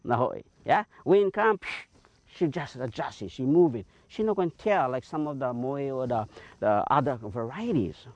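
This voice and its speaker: A man with a Hawaiian Pidgin accent, a taro farmer giving an animated teaching talk outdoors on his farm, pointing things out. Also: medium pitch, moderate pace, no echo, lo-fi sound.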